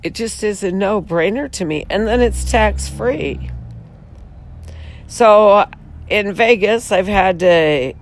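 A woman with a raspy, hoarse voice pleads earnestly for support, taking her time over each phrase. She sounds heartfelt and frustrated rather than polished. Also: mid-range voice, animated, takes it slowly. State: hoarse from talking all weekend. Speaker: founder pitching her water advertising venture. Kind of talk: earnest direct-to-camera pitch.

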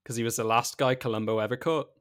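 A man's voice: medium pitch, steady tone, fast, fairly bright tone. A man co-hosting a podcast in casual chat, joking and restarting his sentences. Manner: chatty, jokey, self-interrupting. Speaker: podcast co-host.

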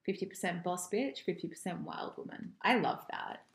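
Young woman co-host, effusive, lively pitch, echoey room. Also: normal speed, vocal fry. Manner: enthusiastic, effusive. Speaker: podcast co-host. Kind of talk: casual chat. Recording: roomy echo.

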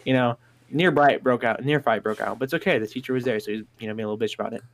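A man telling school prank stories in a casual chat, swearing constantly and getting excited as he goes. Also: mid-range voice, very fast, a little hiss or hum. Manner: profane, rowdy, excitable anecdotes.

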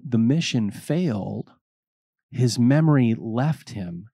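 A middle-aged priest preaching a homily at an unhurried, deliberate pace. His voice sits at an ordinary pitch, and he tells personal stories in a thoughtful, reflective way. The sound is close and dry, with no room echo. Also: mellow, husky. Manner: slow, reflective, personal storytelling.

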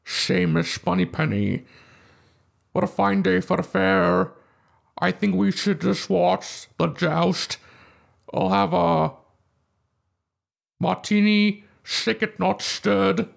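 A man doing an impression of a suave older Scottish actor playing a film spy, in a slow drawl. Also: a little high, expressive, vocal fry, fairly bright tone, heavily acted. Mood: smooth.

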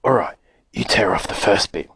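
A man voicing an excitable old grandfather who whispers secretively and splutters with excitement. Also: deep voice, normal speed, breathy edge, no echo, full character voice. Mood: conspiratorial.

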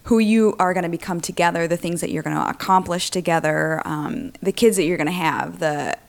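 A middle-aged woman with a fairly low voice co-hosts a podcast. She laughs often and answers in short, teasing replies, then talks through her points in a relaxed, casual way. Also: brisk, vocal fry. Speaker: podcast co-host. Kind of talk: casual chat.

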